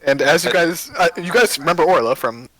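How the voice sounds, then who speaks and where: A man's voice: a little high, brisk, crowd noise, poor audio. A man narrating as game master of a tabletop game, rambling with lots of fillers and joking about himself.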